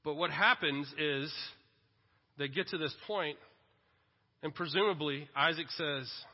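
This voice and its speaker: High-voiced man in his forties preaching. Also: a little slow, long pauses. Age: 40s. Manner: animated storytelling with self-deprecating humor. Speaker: pastor. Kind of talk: sermon. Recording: dull echoing hall recording.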